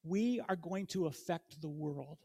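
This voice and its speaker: High-voiced man preaching a sermon. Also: measured pace, mellow, slightly rough. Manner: conversational, questions the congregation directly; reads scripture aloud. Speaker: guest preacher. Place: church.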